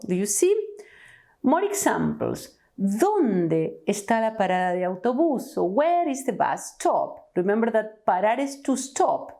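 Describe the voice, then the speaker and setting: A woman, a native Spanish speaker from Argentina with an Argentine Spanish accent, teaching a language lesson, saying each word clearly and then translating it. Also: mid-range voice, darkish tone. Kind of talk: slow language lesson with examples.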